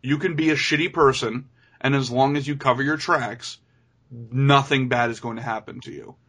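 A man's voice: mid-range voice, fairly even intonation, moderate pace, a bit bright. A man co-hosting a casual movie review chat, blunt and profane, ranting his points with plenty of swearing.

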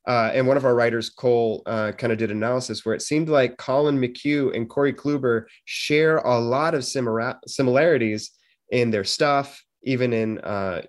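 A man hosting a casual interview, rambling with lots of fillers and little jokes. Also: medium pitch. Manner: rambling, full of fillers, jokey. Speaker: podcast host.

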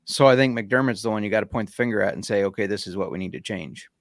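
Measured male podcast co-host, dry sound. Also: lowish voice, no echo. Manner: measured, opinionated, casual swearing. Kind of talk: casual podcast chat.

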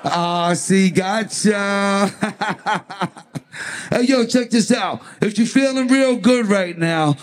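A man hyping up a live crowd with shouted call-and-response and a slang-heavy, energetic delivery. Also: high-pitched, takes it slowly. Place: large live event hall with audience.

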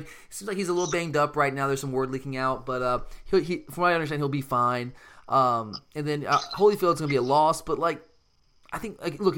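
A man's voice: a little high, a bit bright. A man hosting a casual sports talk show, talking animatedly and emphatically, often restarting his sentences. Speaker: sports podcast host.

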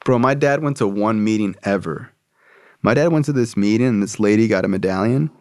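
A man's voice: lowish voice, fairly quick, darkish tone, dry recording, studio quality. A man telling a story casually, loose and profane, full of slang fillers.

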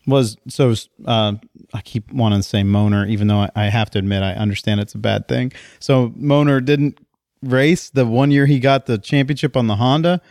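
A man's voice: mid-range voice, moderate pace, a little mellow, no room sound, studio quality. Joking, teasing man in a casual chat. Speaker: podcast co-host. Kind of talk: casual chat about motorcycles.

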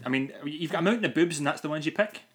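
A man co-hosting a podcast, chatting casually about a film in a rambling, animated way. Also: fairly high pitch, racing, husky. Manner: rambling, animated, lots of restarts. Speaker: podcast co-host. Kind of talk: casual film review chat.

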